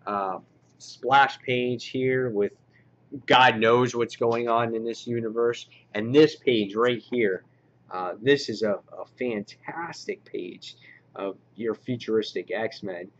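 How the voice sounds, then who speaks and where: A man's voice: medium pitch, slow pace. Man, enthusiastic comic reviewer, rambly, fillers, dull lo-fi audio. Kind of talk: casual review walkthrough.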